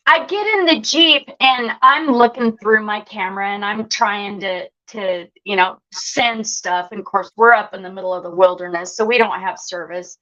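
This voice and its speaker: Bright, animated woman storyteller. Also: medium pitch, normal speed, hardly any pauses, muffled recording. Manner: animated, acts out quoted voices. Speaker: guest. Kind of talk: telling a personal story.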